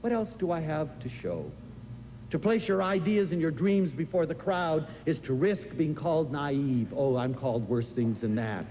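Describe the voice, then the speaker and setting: An older man giving an inspirational lecture, telling stories in an animated, expressive way. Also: normal speed. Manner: expressive, animated storytelling with big swings in pitch. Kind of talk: inspirational lecture to a live audience. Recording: live lecture in a hall with faint room noise.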